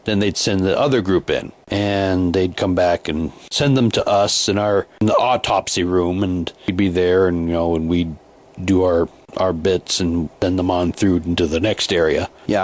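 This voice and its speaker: A man casually recounting a haunted house night, rambling with many restarts and repeated words. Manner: drops to a quieter, lower voice for long stretches. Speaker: haunted house volunteer actor. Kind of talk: casual storytelling.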